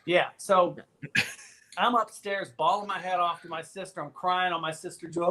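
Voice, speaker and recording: A man in his fifties hosting a podcast, telling a childhood story in an animated, profane way and slipping into voices. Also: sits high, normal speed. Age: 50s. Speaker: podcast host. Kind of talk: casual storytelling.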